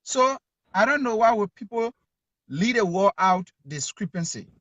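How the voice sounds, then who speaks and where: A man's voice: sits high, expressive, moderate pace, a bit bright, no room sound. A man with a Liberian accent, a journalist calling in who argues emphatically and repeats his key words. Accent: Liberian English. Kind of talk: call-in talk show.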